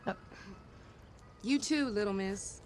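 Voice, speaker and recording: A woman's voice: mid-range voice, slow pace, darkish tone, close to an everyday voice. An actress playing a stern middle-aged mother who scolds her teenage kids in a commanding voice, with music behind her. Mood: stern scolding.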